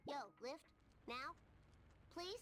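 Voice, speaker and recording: A woman's voice: takes it slowly, loud music behind the voice, natural voice. A woman voicing a cheeky young cartoon boy in video game clips, chirpy and boastful. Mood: cocky.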